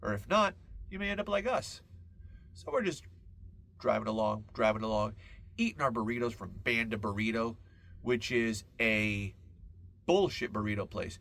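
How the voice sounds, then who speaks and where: A man hosting a podcast, telling a rambling comic story full of absurd tangents and deadpan asides. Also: medium pitch, normal speed. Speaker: podcast host. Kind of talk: comedic podcast monologue.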